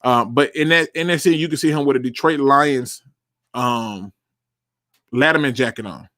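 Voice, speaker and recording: A man's voice: medium pitch, moderate pace, a bit bright, no echo, studio quality. A young man hosting a live sports talk show, bluntly answering chat questions and repeating words for emphasis.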